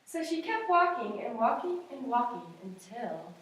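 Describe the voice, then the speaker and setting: A young woman reads a picture book aloud to children in a classroom, encouraging and sing-song. Her fairly high voice swings widely, and it comes from far off in a very echoey room. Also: big pitch swings, moderate pace, a bit bright, a little hiss or hum. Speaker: student teacher.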